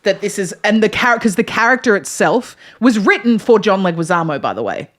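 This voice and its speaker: A woman's voice: mid-range voice, animated, a little fast, a bit bright. A woman co-hosting a casual podcast chat, emphatic and slangy. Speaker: podcast co-host.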